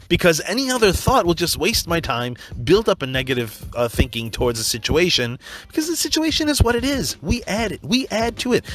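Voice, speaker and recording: A man's voice: a little high, fairly bright tone. A man giving a blunt, profane, emphatic motivational monologue in a conversational way. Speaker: motivational speaker.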